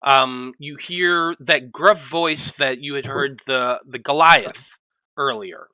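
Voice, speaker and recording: A man narrating as game master of a tabletop role-playing game, halting often with ums and restarts. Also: mid-range voice, bright, forceful tone, smooth, no room sound, rough recording.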